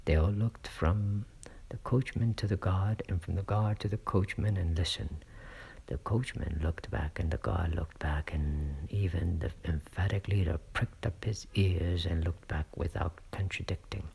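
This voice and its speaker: A man reading a classic novel aloud as a narrator, in a hushed storytelling manner. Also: low voice, a little slow, vocal fry, breathy edge. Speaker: audiobook reader. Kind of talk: scripted narration.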